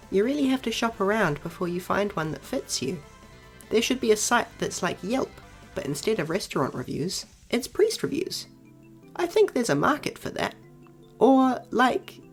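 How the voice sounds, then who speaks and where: A woman playing a former streamer, handing out absurd advice in a deadpan, matter-of-fact way in a comedy audio drama. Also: mid-range voice.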